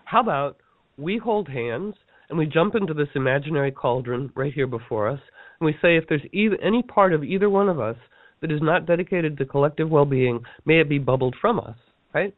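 A man teaching a workshop in a casual storytelling talk, animated and playful, acting out the people he quotes. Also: a little high, a little fast, no echo. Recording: dry tinny phone-like line.

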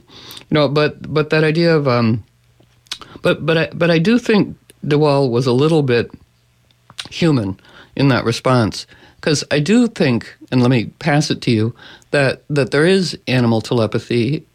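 A man hosts a radio talk show in a relaxed, rambling way. He wanders through anecdotes, restarts often, and slips into playful little voices when he quotes his pets. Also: mid-range voice, moderate pace. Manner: rambling, animated storytelling with playful voices for animals. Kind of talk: casual radio interview chat.

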